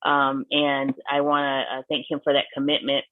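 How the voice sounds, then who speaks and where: A man's voice: mid-range voice, completely flat delivery, moderate pace, no echo. A man, a faculty member, congratulating students on a video call, full of praise and frequent fillers. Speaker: faculty member giving closing remarks. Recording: dry tinny call audio.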